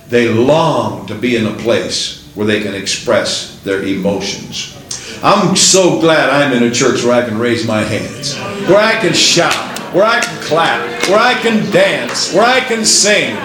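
A man's voice: mid-range voice, lively intonation, unhurried, fairly bright tone, roomy sound, rough recording. A man preaching a sermon in a church, building his points with one emphatic rhetorical question after another.

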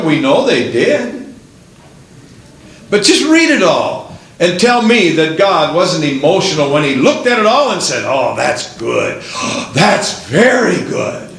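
Very animated and unhurried, a high-voiced male preacher with a fairly bright tone drives his sermon with a rolling, emphatic rhythm. He peppers the congregation with rhetorical questions, and his voice rings around the large, reverberant church.

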